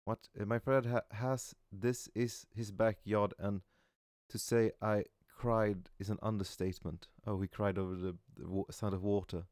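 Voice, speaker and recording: Smooth low-voiced man reading memes. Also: fairly even intonation, moderate pace, dry recording, studio quality. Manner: reads aloud with frequent stumbles and soft "aw" reactions. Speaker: voice actor reading memes aloud. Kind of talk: casual meme reading with reactions.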